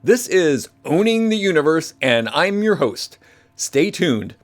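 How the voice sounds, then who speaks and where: An actor playing a pompous TV news anchor in an audio drama who gets easily exasperated. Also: male voice, a little high, big pitch swings, a little slow.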